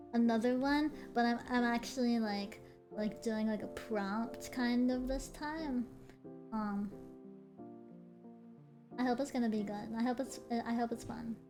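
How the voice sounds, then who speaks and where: A young adult woman streamer, chatting casually and telling a story in an animated way, swearing freely and laughing between lines. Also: a little high.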